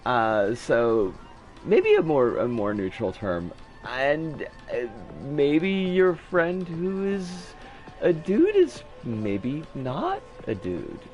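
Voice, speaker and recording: A man's voice: a little high, huge pitch swings, drawn-out words, darkish tone, muffled recording, soft background music. A man chatting casually during a live game stream, loose and profane, often restarting his sentences.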